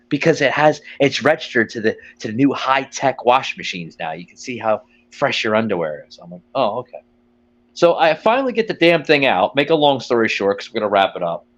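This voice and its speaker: A man's voice: fairly low pitch, highs cut off. A man hosting a podcast, telling a rambling, profane comic story and quoting people along the way. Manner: profane, rambling, quotes people in put-on voices. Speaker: podcast host. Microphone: phone line.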